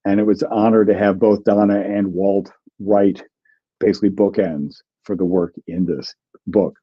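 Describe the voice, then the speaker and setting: A man's voice: sits low, steady tone, normal speed, breathy edge, lo-fi sound. A man, a language scholar, answers viewer questions in a livestream with a thoughtful, explanatory manner and frequent ums. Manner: explanatory, many ums and restarts. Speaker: guest linguist author.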